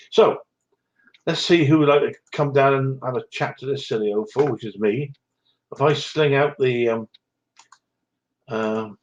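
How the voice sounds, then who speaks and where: A man with a mid-range voice, recorded with the highs cut off, hosts a live stream. Chatting casually, he reads live comments aloud, welcomes viewers by name with light chuckles, and is slightly breathless.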